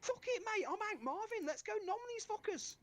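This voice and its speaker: A man's voice: very high voice, very animated, brisk, crowd noise, pitched above the performer's own voice. A man voicing a panicking young male vampire spawn with a crude Cockney accent. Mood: panicky.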